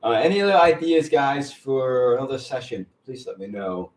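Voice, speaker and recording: A man hosting a casual live stream, talking earnestly and haltingly, repeating himself and getting teary. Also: medium pitch, animated, a little mellow, echoey room, distant mic. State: teary, emotional.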